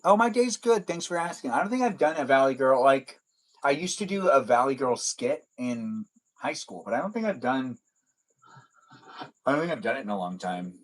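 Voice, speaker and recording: A man with an ordinary middle-pitched voice hosts a loose live stream chat, speaking sing-song at a moderate pace over poor audio. He rambles, restarts his thoughts and keeps coming back to his own pet phrases.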